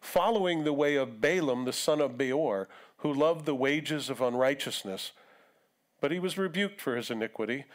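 A man's voice: medium pitch, animated, moderate pace. Conversational male pastor preaching. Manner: conversational preaching with acted-out quotes. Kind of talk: sermon. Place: church sanctuary.

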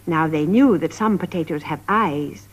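A woman narrating a story for young children in a measured, sing-song 1950s television style. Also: sits low. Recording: dull lo-fi 1950s television recording.

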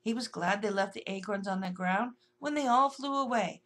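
A woman narrating a rhyming children's story in a gentle, sing-song way. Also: medium pitch, moderate pace.

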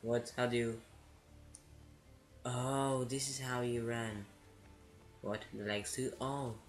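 Casual gamer guy narrating his play, excitable and giggly, slow unhurried delivery. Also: medium pitch, faint music behind. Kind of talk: casual gameplay commentary.

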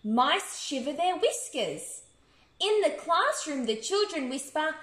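An Australian woman reading a bedtime story to children in an expressive, sing-song way. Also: sits high, measured pace. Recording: echoey room.

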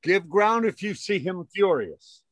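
A man reading a sly servant in a Zoom play reading, with a slow, wry delivery. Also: high voice, animated, dry recording. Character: sly male servant egging on a duel. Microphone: video call.

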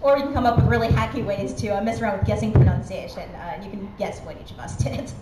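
Speaking fast at a medium pitch, a woman gives a conference talk that's chatty, self-deprecating, and full of fillers. The conference hall sounds echoey, with background noise.

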